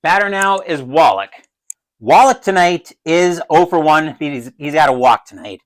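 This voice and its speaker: A man calls a tabletop baseball game like a broadcast announcer. His voice sits a bit high and swings widely in pitch. He grows loud and excited when a big play comes. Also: a little slow, poor audio. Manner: excited, rises sharply on big plays; adds his own crowd cheers. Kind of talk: solo play-by-play commentary of a dice baseball game.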